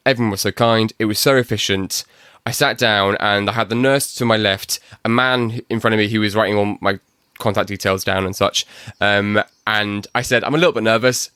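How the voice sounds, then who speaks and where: Chatty man with a soft Northern accent. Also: mid-range voice, clear, resonant tone, no room sound, clean studio sound. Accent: soft Northern English. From England, Manchester. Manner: chatty, self-deprecating, many ums. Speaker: podcast host. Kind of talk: casual podcast chat.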